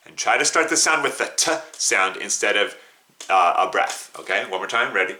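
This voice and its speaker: A man's voice: on the low side, expressive, normal speed, noisy background. A man teaching a beginner flute lesson, patiently coaching students, counting them in and singing note names and tonguing syllables.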